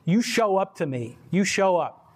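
A man's voice: high-pitched, big pitch swings, a little slow, darkish tone, slight background noise, voice pushed up. A man playing a fed-up young Persian man. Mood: exasperated. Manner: exasperated, challenging. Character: young Persian man, frustrated, defiant with God.

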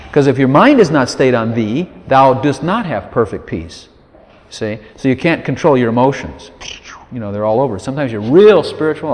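A man's voice: mid-range voice, a little mellow. A man preaching an informal sermon in a conversational, folksy way, often dropping asides to his listeners. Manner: conversational, folksy, many "you know" asides; acts out quoted prayers in a raised voice. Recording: long hall reverb.

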